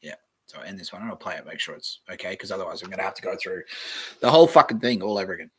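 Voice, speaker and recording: Speaking rapid-fire in a deep, slightly rough voice, an Australian podcast host reads aloud on his solo show, wandering offhandedly and swearing casually.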